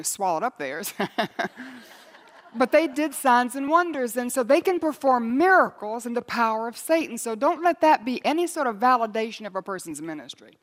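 Earnest woman Bible teacher, urgent delivery. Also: mid-range voice. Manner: earnest, urgent preaching that swells in intensity.

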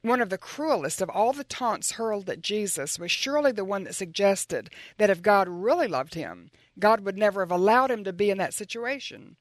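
A woman's voice: mid-range voice, expressive, moderate pace, hardly any pauses, no echo. A woman giving a closing devotional word, earnest and questioning as she pleads with the listener.

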